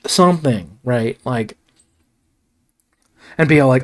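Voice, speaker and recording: A man's voice: on the high side, lively intonation, normal speed, long pauses. Rambling, profane male film reviewer. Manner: rambling, profane, frequent restarts and asides. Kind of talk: casual solo review ramble.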